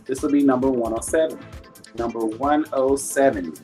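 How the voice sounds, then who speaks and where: Chatty male live-stream seller, laughs a lot, churchy warmth, faint music behind. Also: mid-range voice, moderate pace. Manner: chatty, laughs often, reads viewer comments aloud; warm and churchy, talks faith. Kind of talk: casual live sales stream.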